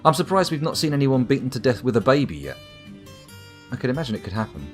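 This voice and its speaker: A UK streamer gives wry, rambling live commentary on a game while chatting to his viewers, with faint music in the background. His medium-pitched voice swings widely in pitch, and he talks fast.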